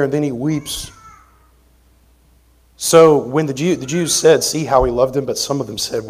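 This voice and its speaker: A man preaching an expository sermon as pastor, conversational, moving between forceful emphasis and quiet asides. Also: medium pitch, moderate pace, pauses often. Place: church sanctuary.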